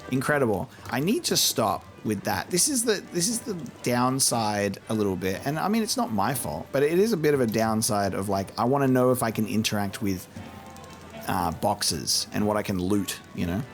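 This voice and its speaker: A man's voice: on the low side, sing-song, moderate pace, soft background music. A man casually commenting on a game he is playing for the first time, chatty and profane, mimicking the characters now and then. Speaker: let's play host.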